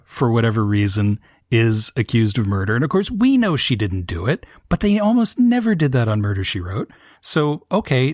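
A man co-hosting a podcast, telling stories in an animated, casual way. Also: mid-range voice, no room sound, clean studio sound. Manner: animated storyteller. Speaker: podcast co-host. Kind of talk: casual chat.

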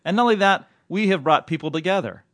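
Guy hosting a podcast, bouncy pitch, jokes around, dry mic. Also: fast talker, no echo. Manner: animated, joking, reads letters aloud with flair. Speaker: podcast host. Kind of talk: casual podcast chat.

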